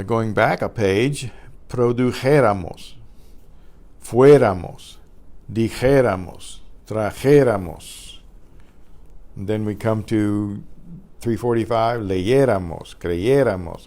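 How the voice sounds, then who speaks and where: A man teaching a Spanish grammar class, explaining patiently and clearing his throat often. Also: on the low side, takes it slowly, darkish tone. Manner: recites word lists carefully.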